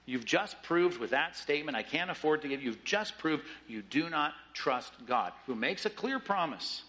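A man preaching a sermon in an animated way, acting out the voices of doubters as he reads and explains scripture. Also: a little high, moderate pace, rough recording. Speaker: pastor.

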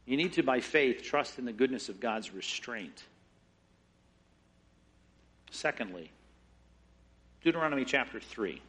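A man preaching a sermon, acting out quoted prayers and lines from scripture with lively shifts in voice. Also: unhurried, pauses often, husky. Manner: expressive, acts out scripture quotes with shifting pitch and pace. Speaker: pastor.

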